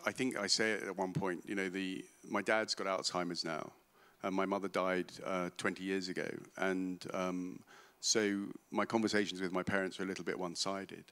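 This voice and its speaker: This interviewed author has a deep, clean voice with little pitch movement and a fairly bright tone. Speaking at normal speed with hardly any pauses, he tells anecdotes on a festival stage before a live audience, laughing and poking fun at himself.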